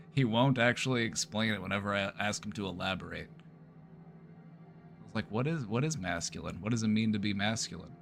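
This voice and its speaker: A man's voice: on the low side, brisk, creaky, pauses often, a bit bright, soft background music. A therapist chatting casually on a livestream, playful and easygoing, often repeating his phrases and laughing. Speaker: therapist streamer.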